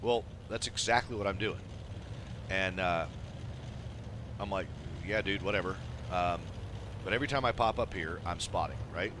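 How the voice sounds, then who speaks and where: A man's voice: low voice, normal speed, long pauses, background noise. A man casually commenting on a replay of his own game, laid-back and swearing freely. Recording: game sounds of gunfire and engines behind. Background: tank battle game sounds, artillery fire.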